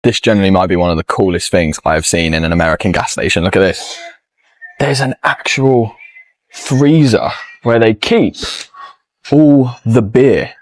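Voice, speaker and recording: A man's voice: fairly low pitch, normal speed, no echo. A man narrating a walking travel vlog, curious and enthusiastic as he points things out. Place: outdoors in a town and a gas station.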